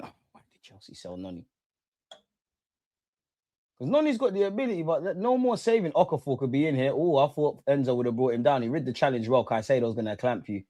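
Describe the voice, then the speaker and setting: Slangy lad ranting at chat. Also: male voice, mid-range voice, no room sound. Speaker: football watch-along streamer. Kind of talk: live casual commentary and chat.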